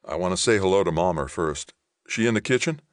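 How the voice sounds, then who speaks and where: A man's voice: low voice, animated, brisk, no echo, studio quality, voice pushed up. A man voicing a friendly, patient young soldier back home, talking in a mild, easygoing way.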